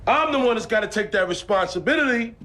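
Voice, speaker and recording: A man's voice: high-pitched, expressive. An actor playing an intense man from the Baltimore streets giving urgent orders, in a clip from a TV drama. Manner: urgent, forceful, rapid.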